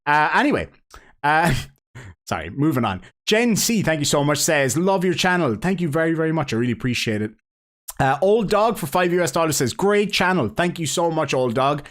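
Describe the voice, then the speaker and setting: A man from Ireland with a Cork accent, hosting a live stream, reading donation messages in a rambling, jokey, excitable way. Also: a little high, moderate pace. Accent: Cork Irish.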